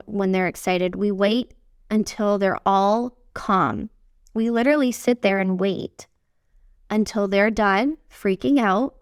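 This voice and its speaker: A woman's voice: mid-range voice, clear, resonant tone, no room sound, clean studio sound. Candid, swearing woman coach. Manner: lively delivery that swings from fast bursts to slow, stretched phrases. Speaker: podcast host and business coach. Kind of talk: casual solo podcast talk.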